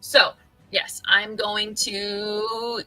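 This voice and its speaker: A woman's voice: medium pitch, flat delivery, very slow, pushed and bright, soft background music, poor audio. A woman player in a tabletop game, talking casually and hesitantly with lots of fillers.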